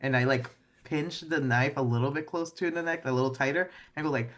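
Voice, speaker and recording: A man's voice: mid-range voice, fairly quick, a bit bright. A man playing a tabletop game who talks animatedly, often laughs and narrates his character's moves with drama. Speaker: player.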